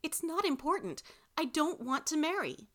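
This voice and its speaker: A woman reading aloud, voicing a stubborn, exasperated young woman in a high, loud voice. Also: very animated, normal speed. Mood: protesting. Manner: high, loud, emphatic exclamations. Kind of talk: audiobook reading.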